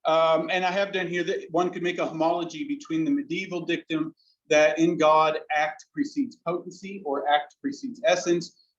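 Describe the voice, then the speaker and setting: A man's voice: on the high side, steady tone, moderate pace. A man who is a philosophy lecturer, giving an academic talk to an audience in a discursive, emphatic way that often corrects itself mid-sentence. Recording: dull lo-fi lecture recording.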